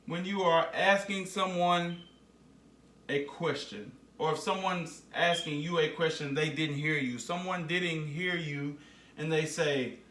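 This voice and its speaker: A man teaching a phonics lesson to young children, slowly repeating words for them to say back. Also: on the high side, fairly bright tone, echoey room, distant mic.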